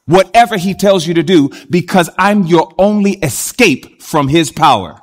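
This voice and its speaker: Animated high-voiced male preacher. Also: moderate pace, hardly any pauses. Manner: animated, addresses the congregation directly. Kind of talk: sermon.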